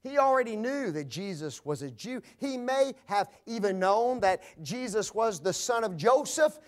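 A male preacher delivering a sermon, swinging dramatically between loud proclamation and hushed low tones. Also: lively intonation, normal speed.

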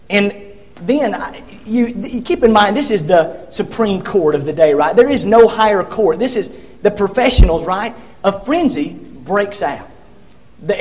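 A man's voice: high voice, lively intonation, moderate pace, darkish tone. A man preaching a sermon, retelling scripture in vivid storytelling with frequent restarts and acting out the quoted figures.

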